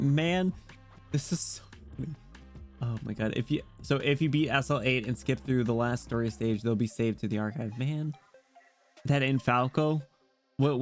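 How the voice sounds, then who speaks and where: A young man streaming a game, reacting in an amused, slangy, casual way. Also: mid-range voice. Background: game music.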